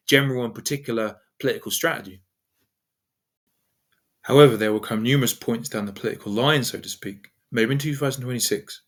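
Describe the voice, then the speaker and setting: Man, digressive spoken essay, elaborate wording, middle pitch. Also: a bit bright. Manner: wordy, digressive, formal phrasing. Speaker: channel host.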